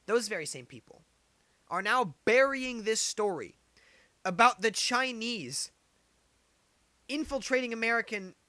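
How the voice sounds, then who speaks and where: A man's voice: very high voice, expressive, unhurried, long pauses, sharp tone, no echo. A man giving opinionated political commentary, getting heated, firing off rhetorical questions and repeating his points. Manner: heated, gets worked up.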